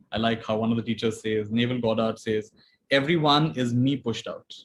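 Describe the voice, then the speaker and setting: A man giving a calm spiritual talk, repeating phrases gently and sometimes laughing softly. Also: fairly low pitch, a little hiss or hum, low-quality recording. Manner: calm, repetitive, gently emphatic, soft laughs. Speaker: spiritual teacher. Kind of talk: talk to an online audience.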